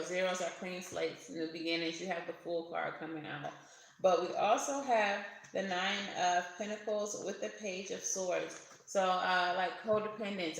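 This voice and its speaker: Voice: medium pitch, gravelly, a bit bright. A tarot reader giving a casual reading to camera, chatty, laughing often and swearing now and then. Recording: very echoey room.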